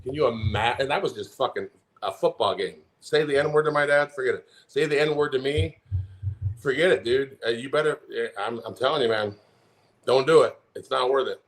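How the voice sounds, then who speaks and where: A man's voice: mid-range voice, brisk. A man in his forties, a podcast co-host, telling a heated, profanity-filled story in casual chat. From Omaha, Nebraska. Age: 40s.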